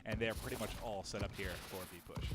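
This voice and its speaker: A man calling play-by-play as an esports commentator, excitable and quick, rising sharply at big plays. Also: fairly low pitch, heavy background noise.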